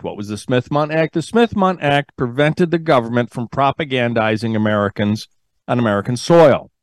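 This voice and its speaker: A man's voice: mid-range voice, dry recording. A man hosting a talk radio show, delivering opinionated commentary emphatically and answering his own rhetorical questions on a studio microphone.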